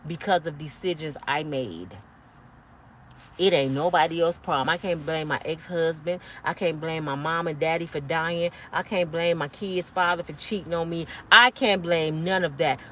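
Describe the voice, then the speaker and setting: A woman in her fifties giving a blunt, profane, preachy monologue to camera, yelling at times. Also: low voice, normal speed, slight background noise. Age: 50s. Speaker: motivational vlogger.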